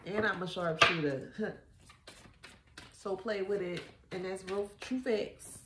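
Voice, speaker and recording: A woman's voice: mid-range voice, expressive, unhurried, background noise. A woman giving a casual tarot reading, blunt and profane, mocking and laughing often. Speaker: tarot reader. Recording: echoey room.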